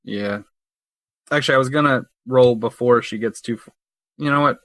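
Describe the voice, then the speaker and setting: A man's voice: mid-range voice, moderate pace, a bit bright, no echo. A man playing a tabletop game, bantering casually, swearing and joking. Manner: profane, joking. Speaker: player.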